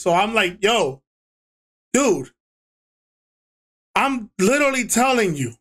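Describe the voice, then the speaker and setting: A young man telling a story in a casual rant, animated and exasperated, swearing a lot and slipping into the voices of the people he quotes. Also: high voice. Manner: flips into other people's voices when quoting them. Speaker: YouTuber.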